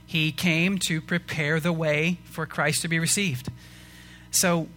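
A man's voice: on the high side, pushed and bright, a little hiss or hum. A man preaching a sermon as pastor, earnest and rising to emphatic questions to the congregation.

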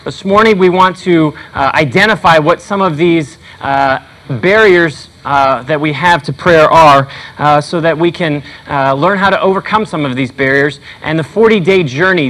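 A man's voice: fairly high pitch, a bit bright, poor audio. A male pastor preaching a sermon in an earnest, conversational way with frequent fillers.

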